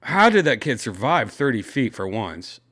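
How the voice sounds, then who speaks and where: A podcast host reads news stories aloud during a casual chat, reacting with animated exclamations and frequent swearing. He has a mid-range voice and a moderate pace, and the recording is dry.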